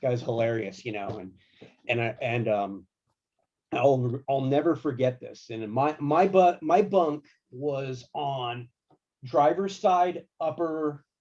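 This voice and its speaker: A man working as a guitar tech, telling tour stories in a casual, slangy, animated way. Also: medium pitch, slow, dull audio. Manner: animated, laid-back, slangy. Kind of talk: casual storytelling.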